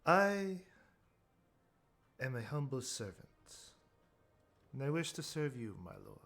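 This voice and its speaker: A man's voice: medium pitch, big pitch swings, slow, a bit bright, faint music behind, exaggerated voice. A man voicing a scheming male sphinx who fawns over his lord in formal, servile speech. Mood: fawning. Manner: fawning, formal.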